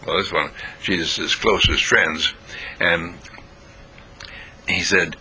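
Gravelly, bright-toned male storyteller. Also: sits low, fairly even intonation, slow, long pauses, poor audio. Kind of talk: spoken storytelling.

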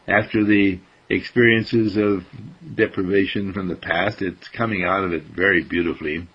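Slow gravelly man telling a children's story. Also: fairly low pitch. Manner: gentle and unhurried, with lively swoops. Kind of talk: children's story told aloud. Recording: dull lo-fi recording.

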